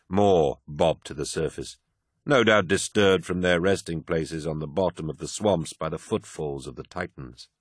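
A man narrating an audiobook in a measured, grave manner. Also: deep voice, no room sound, clean studio sound.

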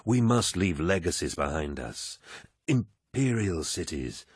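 A husky, sing-song male voice, a little slow, gives a full character performance as a huge, good-humored demigod warlord rallying his troops in an audiobook. His manner is genial, booming and warmly commanding, captured in clean studio sound with no echo.

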